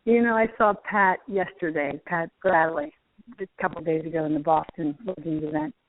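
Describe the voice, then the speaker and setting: A middle-aged woman who once played on tour and now teaches golf gives a phone interview from outdoors at a driving range, the line tinny and dry. She tells stories with lots of energy and laughs often. Her voice is lowish, her speed normal, with no echo.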